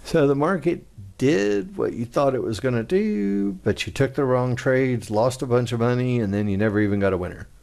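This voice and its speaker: A man's voice: medium pitch, lively intonation, moderate pace, gravelly, few pauses, a little mellow. A man walking through a day-trading chart in a casual, conversational way, talking through each trade as he goes. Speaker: trading instructor. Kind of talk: screen-share trading walkthrough.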